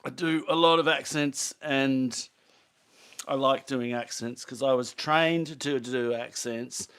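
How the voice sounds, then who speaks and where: Rambling and chatty, this livestream host talks loosely to his audience, occasionally switching to a high baby voice for his dogs. His delivery is slow with fairly even intonation, and his tone is fairly bright and clean.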